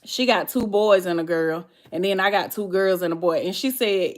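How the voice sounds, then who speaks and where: A woman's voice: mid-range voice, moderate pace. A woman with a Southern US accent, chatting casually on a livestream and answering viewers' comments. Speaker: livestream host.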